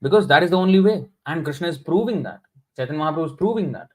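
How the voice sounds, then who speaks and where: A man's voice: on the high side, expressive, rapid-fire, a little mellow, rough recording. A man giving a sermon in an indignant, scolding, emphatic manner. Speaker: scripture class speaker.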